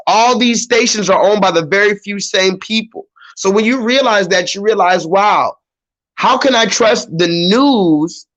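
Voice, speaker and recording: Guy with a fairly high voice on his livestream, loose, cursy, chatting to chat. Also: a bit bright, poor audio. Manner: loose and profane, talks straight to viewers. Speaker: YouTube livestream host.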